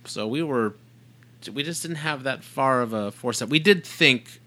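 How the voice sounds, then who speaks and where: A man's voice: mid-range voice, normal speed, sharp tone. A man co-hosting a podcast with his wife, reading listener questions in a playful, teasing way. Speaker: podcast co-host. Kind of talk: casual chat.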